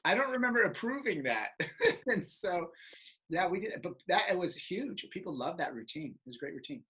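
A man's voice: sits high, animated, moderate pace, fairly bright tone, poor audio. A man animatedly recalling a comic stage routine, often laughing. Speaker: former stage partner, performer. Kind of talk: casual reminiscing chat.

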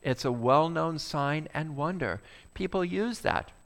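A male pastor preaching a sermon, asking the congregation rhetorical questions and swinging between loud bursts and quiet asides. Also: fairly high pitch, measured pace.

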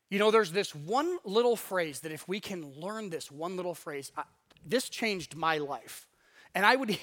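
A man preaching a sermon in a conversational way, acting out inner voices, with wide swings in loudness. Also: high-pitched. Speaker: pastor.

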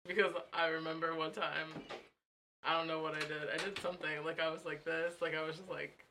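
A woman's voice: low-pitched, flat delivery, brisk, noisy background. A woman co-hosting a podcast, chatting casually and rambling with lots of fillers. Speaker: podcast co-host. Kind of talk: casual chat.

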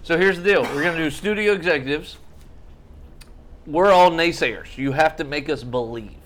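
A man's voice: fairly high pitch, moderate pace, a bit bright, slight background noise. A man co-hosting a comedy podcast, setting up an improvised sketch in a playful, laughing manner. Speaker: podcast co-host.

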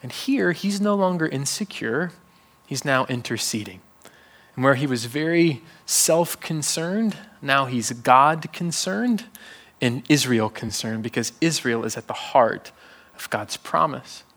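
A man's voice: mid-range voice, animated, measured pace, fairly bright tone. A man preaching a sermon in a conversational style, joking and asking the congregation questions.

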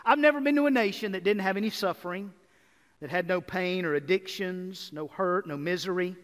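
A man preaching a sermon as pastor, energetic and building to emphatic repeated lists. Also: high-pitched, a little fast. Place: church sanctuary. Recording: reverberant hall.

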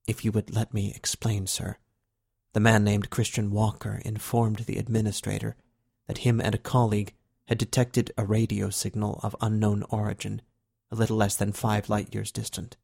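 A patient male government agent, formal and even as he delivers news, voiced by a male reader. His tone stays low, quiet and controlled. Part of a spoken novel. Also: gravelly, breathy edge, no echo, studio quality. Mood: measured. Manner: measured, respectful reporting.

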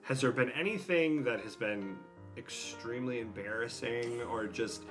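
A man hosting a casual theater chat, animated and often laughing. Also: medium pitch, moderate pace. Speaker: host. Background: loud music.

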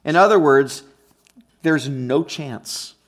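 A man's voice: fairly high pitch, takes it slowly. A man preaching a conversational teaching sermon, emphatic and often checking in with his listeners. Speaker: pastor.

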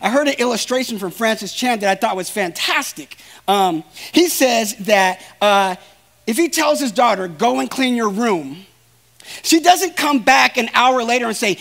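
Male preacher, sermon delivery, pitched high with a raspy fry, talks straight to the congregation. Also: lively intonation, moderate pace, a bit bright. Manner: earnest, emphatic, addresses listeners directly.

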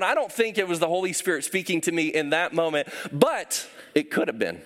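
High-voiced pastor telling stories with humor. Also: male voice, lively intonation, a little fast, hardly any pauses, fairly bright tone. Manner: storytelling, self-deprecating humor, acts out voices. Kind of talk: sermon.

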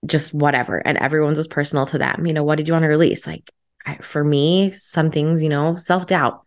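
A woman's voice: low voice, fairly quick. A woman hosting a podcast, telling a personal story in a chatty, enthusiastic way with lots of filler words. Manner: chatty, filler-heavy with frequent "like"; enthusiastic, energetic. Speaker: podcast host.

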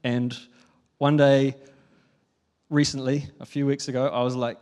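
A young New man preaching a sermon, telling a family story in a lively, chatty way with frequent laughs. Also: medium pitch, measured pace, smooth. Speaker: pastor.

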